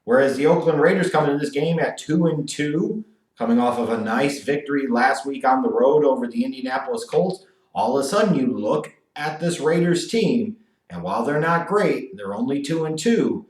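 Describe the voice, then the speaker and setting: An animated man previews a football game, tossing in crude sarcastic asides. His voice is mid-pitched and sits a little off the mic. The room gives it a noticeable echo. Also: normal speed, recorded from a distance. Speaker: sports commentator. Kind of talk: solo football preview video.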